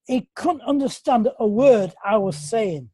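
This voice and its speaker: A man's voice: sits high, lively intonation, unhurried, mellow, husky, dry recording. Rambling man on a dry call line. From England. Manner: rambling, apologetic. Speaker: meeting participant. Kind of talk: casual group call chat.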